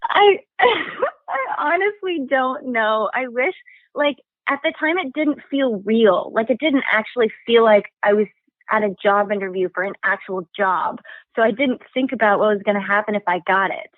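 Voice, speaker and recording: A woman's voice: a little high, normal speed, dry recording. A woman calling in anonymously to a chat show, talking nervously with lots of laughs and filler words. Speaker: anonymous caller. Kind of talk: confessional phone-in chat. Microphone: telephone. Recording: tinny phone line.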